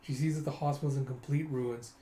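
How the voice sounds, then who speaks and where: A man casually recapping a comic story in an animated way, acting out the lines. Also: medium pitch, fairly quick. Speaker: manga recapper. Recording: roomy echo.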